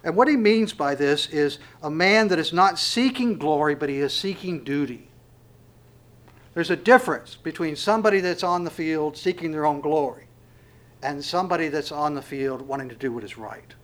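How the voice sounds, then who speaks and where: A man's voice: fairly high pitch, moderate pace, fairly bright tone. Earnest man preaching a sermon. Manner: earnest preaching, rising to emphatic exhortation. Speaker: pastor.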